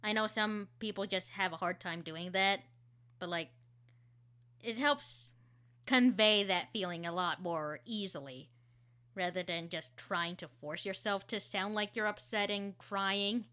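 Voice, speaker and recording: A woman's voice: mid-range voice, a little slow, pushed and bright. A woman voice actor streaming, chatting casually and explaining how she works, with lots of fillers.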